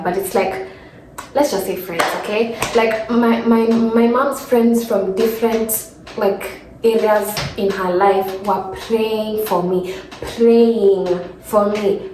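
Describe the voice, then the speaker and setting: A woman's voice: medium pitch, roomy sound, background noise. A young Kenyan woman in her twenties with a Kenyan accent, telling a casual sit-down story from her room, rambling with lots of fillers and close to tears. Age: 20s. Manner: chatty, rambling with many fillers and restarts. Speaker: vlogger.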